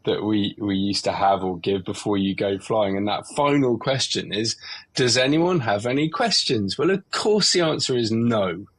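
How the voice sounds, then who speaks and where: Husky-voiced man hosting a heartfelt chat. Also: on the low side, normal speed, few pauses, a bit bright. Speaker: podcast host. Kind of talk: open conversational interview.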